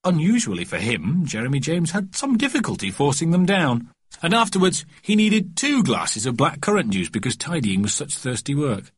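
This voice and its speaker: A man narrating a children's storybook in a lively, expressive reading. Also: fairly high pitch, moderate pace, slightly rough, no room sound. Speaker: audiobook narrator.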